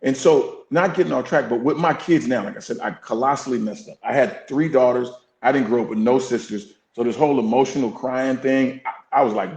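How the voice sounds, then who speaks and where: A man's voice: medium pitch, brisk. A man speaking candidly and reflectively as an interview guest, with an earnest, preacher-like emphasis. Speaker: podcast guest, fire captain and coach. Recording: roomy echo.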